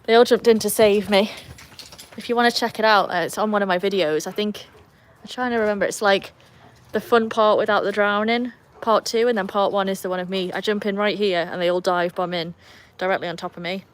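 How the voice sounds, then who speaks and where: A woman's voice: mid-range voice, steady tone, a little fast. A woman with an English accent hosting a live stream outdoors by a pool, chatting with viewers and talking to her dogs. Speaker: livestream host. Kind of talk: casual live chat. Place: outdoors beside a backyard pool in the rain. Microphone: phone. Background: faint rain and outdoor ambience.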